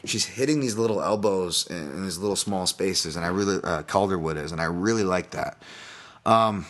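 Rambling low-voiced male podcast host. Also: normal speed, a bit bright. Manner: rambling, self-deprecating, many fillers and restarts. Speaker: podcast host, fight analyst. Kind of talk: casual solo podcast breakdown.

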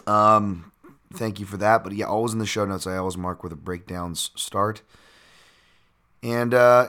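A man hosting his own podcast with a raspy voice, rambling casually with fillers and self-corrections. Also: on the low side, steady tone, unhurried, bright, forceful tone. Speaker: podcast host.

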